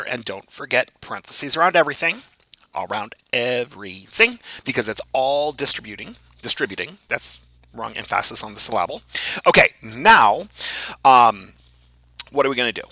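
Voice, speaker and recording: Male math instructor, animated and bright, self-joking video lecture, dry close sound. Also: medium pitch, dry recording, low-quality recording. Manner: animated, self-joking, thinks aloud while writing.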